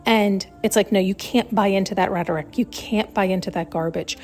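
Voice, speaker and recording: A woman's voice: mid-range voice, a little fast, a little mellow. A woman hosting a solo spiritual podcast, talking in a searching, emphatic way and now and then acting out the voices she quotes. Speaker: podcast host.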